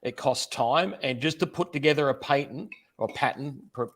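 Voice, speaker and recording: A man's voice: medium pitch, brisk, a bit bright. A man, hosting a casual livestream interview in a chatty, friendly way. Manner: chatty, friendly, repeats words. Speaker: host, interviewer.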